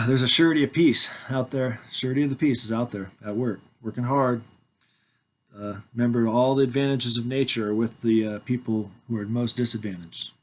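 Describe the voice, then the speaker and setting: A man's voice: mid-range voice, steady tone, moderate pace. A man in his forties from Washington state reading a legal declaration aloud into a headset mic, sometimes mumbling and trailing off, with playful asides. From Washington, United States. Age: 40s. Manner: playful, joking asides between formal reading. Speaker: video host reading his own documents.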